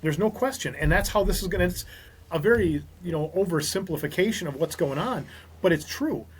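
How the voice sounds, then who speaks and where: A man from Minnesota talks as a guest on a casual podcast, his voice somewhat high and husky. He tells stories with animation, acting out what others said in little bits of dialogue. His speech runs on in loose, conversational phrases. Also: animated, brisk. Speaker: guest, auto repair business owner.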